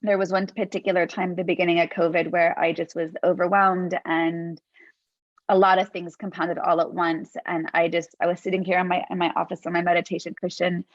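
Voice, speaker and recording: A woman's voice: on the low side, flat delivery, fairly quick, no echo. Woman, forties, podcast host, earnest reflective storyteller, slightly muffled, dry close sound. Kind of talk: conversational interview. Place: home office.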